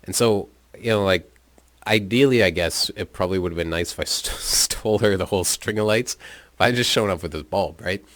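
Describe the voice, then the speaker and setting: A young man spins a story in a loose, amused way, cursing freely as he goes. His voice sits very low. The sound is dry and close, with no room echo. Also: fairly quick, fairly bright tone. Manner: laid-back, profane, amused. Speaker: vlogger. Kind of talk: casual storytelling.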